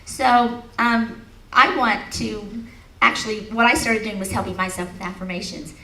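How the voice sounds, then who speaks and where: With a medium-pitched, steady voice and a sharp tone, a middle-aged woman speaks at normal speed. Her motivational talk at an expo features a personal story told with laughter, followed by audience affirmations. It is recorded from a distance in an echoey large hall.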